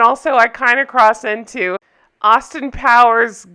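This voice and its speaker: A woman's voice: fairly high pitch, lively intonation, normal speed, bright, forceful tone, smooth. A woman hosting a casual TV recap vlog, chatty and giggly. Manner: chatty, giggly, keeps slipping into joke voices. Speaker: TV recap vlogger.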